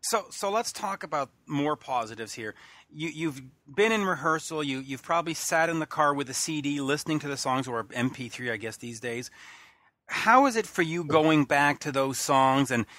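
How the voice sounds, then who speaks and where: A man's voice: a little high, lively intonation, moderate pace, bright, forceful tone, no echo. A man hosting an interview, pressing his questions and rephrasing them with restarts as he goes. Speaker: interview host. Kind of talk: interview conversation.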